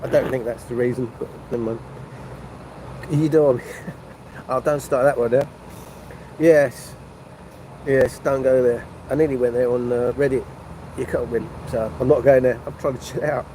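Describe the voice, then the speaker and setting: A man's voice: mid-range voice, fairly even intonation, normal speed, pauses often, warm tone, slight background noise, low-quality recording. An older man, chatting casually and meandering on a phone livestream from a motorway service station café. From North London. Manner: chatty, meandering, restarts mid-sentence. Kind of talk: rambling casual livestream chat.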